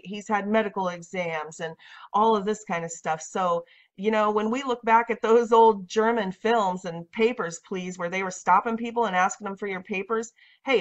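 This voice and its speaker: A woman in her thirties talking to camera in a casual vlog monologue, emphatic and insistent, often repeating her points. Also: medium pitch. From United States. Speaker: vlogger. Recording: dull lo-fi audio.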